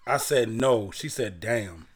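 A man's voice: on the low side, slow pace. Profane young man telling a story. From Baltimore. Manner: profane, animated storyteller reading old messages aloud. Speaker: podcast co-host. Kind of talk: casual storytelling chat.

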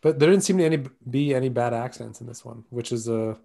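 A man co-hosting a movie review podcast, his voice pitched in the middle for a man. He talks casually, joking and backtracking as he works through his thoughts. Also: quick pace, vocal fry, dark tone. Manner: joking, rambling, self-correcting. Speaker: podcast co-host. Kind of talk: casual chat.

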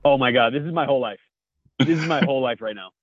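A man's voice: mid-range voice, fast, muffled recording, crowd noise. A man co-hosting a podcast, telling blunt, profane stories in casual chat. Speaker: podcast co-host.

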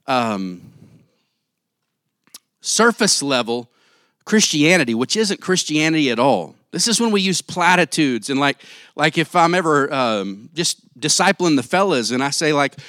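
A man preaching a sermon in church on a handheld mic, casual and jokey, acting out quick quotes. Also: fairly high pitch, expressive, a bit bright, no echo. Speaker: pastor.

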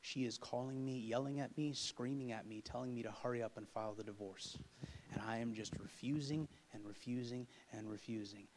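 A young man hosting a podcast, telling a personal story and acting out the dialogue in animated bursts. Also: mid-range voice, a little fast, a little hiss or hum. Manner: animated, acts out dialogue loudly. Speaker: podcast host.

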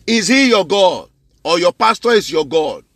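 High-voiced fervent male preacher. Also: big pitch swings, normal speed, fairly bright tone, no room sound. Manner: fervent, repeats phrases for emphasis; addresses listeners directly with questions. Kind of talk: sermon.

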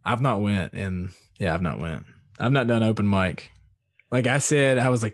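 A man's voice: on the low side, animated, normal speed, no room sound, studio quality. A man hosting a podcast, chatting casually, rambling and swearing with lots of filler words. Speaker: podcast host.

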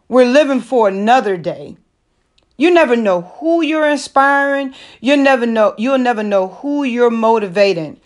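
A woman's voice: a little high, animated, normal speed. A woman hosting a motivational monologue, talking emphatically, repeating her phrases and checking in with the listener. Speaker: host.

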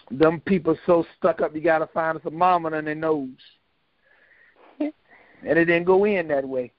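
Older man, folksy joking storyteller, slightly high voice, dry sound. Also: no echo. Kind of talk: casual storytelling. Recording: dull, lo-fi dry recording.

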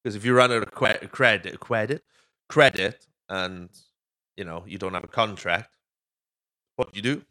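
A man's voice: on the low side, moderate pace, pauses often, pushed and bright. A Welsh man hosting a podcast, casually recapping a movie with swearing and rambling tangents. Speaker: podcast host.

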